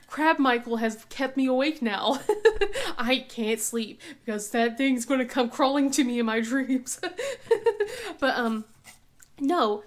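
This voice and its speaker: Chatty laughing mom telling a story. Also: female voice, fairly high pitch. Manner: chatty, laughs often, lots of fillers. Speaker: crafting vlogger, mother. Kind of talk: casual storytelling chat.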